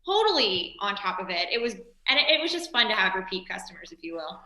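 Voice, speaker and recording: A woman guest on an interview podcast, telling stories with lively acted-out quotes. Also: mid-range voice, quick pace, echoey room. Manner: animated storyteller, acts out quoted voices. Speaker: actress and series creator, guest. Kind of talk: casual interview chat.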